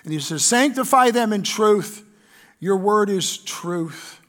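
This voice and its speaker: A pastor with a Canadian accent preaching a sermon in an earnest way, reading scripture aloud with fillers. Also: male voice, sits high, expressive, takes it slowly, a bit bright.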